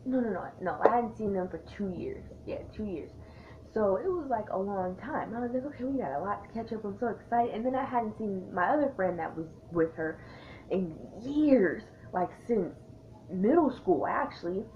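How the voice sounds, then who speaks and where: A young woman vlogger casually telling a storytime tale in a chatty, animated way, acting out the quotes. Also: medium pitch, normal speed, slight background noise. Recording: tinny lo-fi sound.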